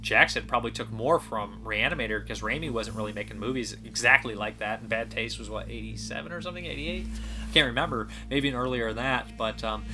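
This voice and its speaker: A man's voice: mid-range voice, a little fast, music in the background. A man hosting a casual film review chat, enthusiastic and rambling with frequent restarts. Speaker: podcast host reviewing films.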